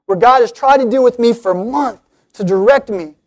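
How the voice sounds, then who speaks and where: A man's voice: extremely high pitch, normal speed. A man preaching an earnest sermon, speaking directly to his listeners and rising to emphatic appeals.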